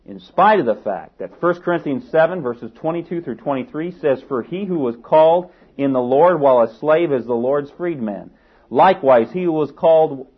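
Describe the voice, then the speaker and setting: A man preaches a sermon in a husky, mid-pitched voice, asking question after question and rising to emphatic peaks. The recording is thin and tinny, like sound over a phone line.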